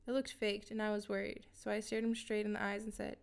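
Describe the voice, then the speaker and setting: A woman reading a scripted first-person story in a steady, even way. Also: mid-range voice, a little fast, creaky, few pauses, clear, resonant tone. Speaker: narrator.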